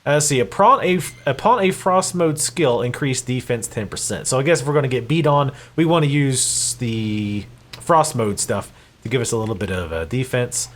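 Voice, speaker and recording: A man's voice: mid-range voice, moderate pace. A man casually commentating his gameplay, joking and sarcastic and swearing freely. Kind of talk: casual let's-play commentary.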